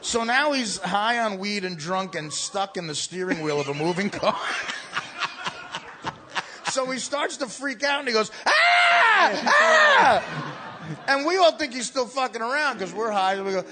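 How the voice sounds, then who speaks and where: A man, telling stories in casual talk, stammering and shouting out quoted lines. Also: sits high, expressive, normal speed, very noisy. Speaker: comedian guest. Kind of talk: casual storytelling.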